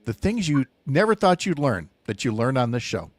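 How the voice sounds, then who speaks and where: Middle-aged male radio host, wry and joking, lively pitch, dry studio sound. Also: moderate pace, no room sound. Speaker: radio morning show host. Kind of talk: casual radio chat. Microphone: studio microphone.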